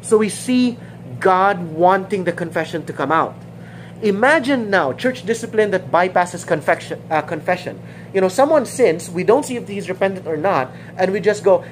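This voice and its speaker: Woman Bible teacher, relaxed sermon delivery, repeats herself for emphasis, somewhat low voice. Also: moderate pace, slight background noise, poor audio. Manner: informal, repeats phrases, acts out quoted dialogue.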